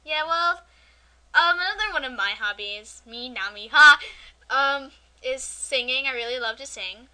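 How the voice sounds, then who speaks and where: A woman's voice: sits high, lively intonation, measured pace, pushed and bright. A young woman co-hosting a podcast, chatting casually in a giggly, rambling, playful way. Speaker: podcast co-host. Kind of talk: casual chat.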